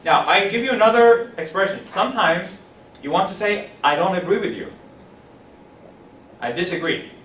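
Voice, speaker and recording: A man with a fairly high voice teaches an English class, lively and repeating phrases slowly so students can follow. He is picked up from across an echoey classroom, and a faint room hum sits underneath. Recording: roomy classroom from a distance.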